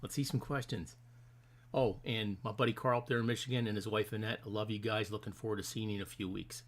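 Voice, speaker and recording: A middle-aged man with a somewhat low voice hosts a casual live stream from his desk mic. He rambles in a friendly, easygoing way and greets each viewer by name as they arrive. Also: steady tone, quick pace.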